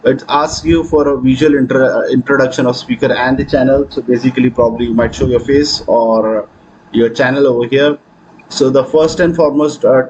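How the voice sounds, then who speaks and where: A man hosting a software tutorial, talking through his screen with frequent hesitations. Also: medium pitch, highs cut off, a little hiss or hum. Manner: hesitant, many fillers. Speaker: tutorial host. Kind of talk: screen-recording software walkthrough.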